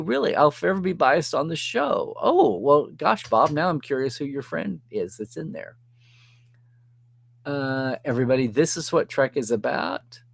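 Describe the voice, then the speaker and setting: Animated man reading live chat. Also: fairly high pitch, creaky, no room sound. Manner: animated, chatty, reads viewer comments aloud and reacts.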